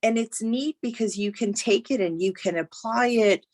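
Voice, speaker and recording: A woman leading a creative writing workshop over a video call, earnest and gently encouraging, with many "you know" fillers. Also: a little high, moderate pace, dry recording.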